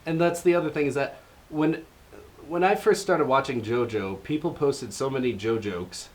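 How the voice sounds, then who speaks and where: A young American man co-hosting a podcast in casual chat, rambling and jokey, often trailing off quietly. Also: medium pitch, moderate pace. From United States. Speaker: podcast co-host.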